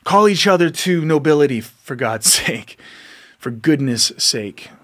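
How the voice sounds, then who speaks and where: A man's voice: on the high side, animated, measured pace, fairly bright tone. Earnest man exhorting his listeners. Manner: earnest, exhorting, repeats himself, laughs often. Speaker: podcast host. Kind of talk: impassioned motivational monologue.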